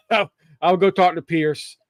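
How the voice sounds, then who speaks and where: A man co-hosting a wrestling podcast, recapping the show in a relaxed way and laughing often. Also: sits high, slow pace, dry recording, clean studio sound. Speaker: podcast co-host.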